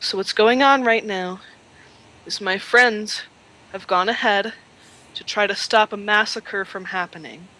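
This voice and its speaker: Nervous young man pleading to avoid a fight, as a woman voices him; bright, forward tone. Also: mid-range voice, a little slow, poor audio. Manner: pleading, shaky, trying to calm.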